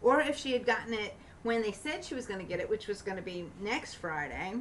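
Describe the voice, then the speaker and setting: A woman telling a long personal story in a casual vlog, rambling with many fillers and restarts and getting animated when she quotes others. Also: mid-range voice, fairly quick, distant mic, slight background noise, poor audio. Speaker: vlogger.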